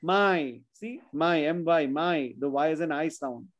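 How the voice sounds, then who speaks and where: A man's voice: fairly high pitch, fairly even intonation, moderate pace, rough recording. Patient man spelling words out for kids. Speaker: teacher. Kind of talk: online spelling lesson for children.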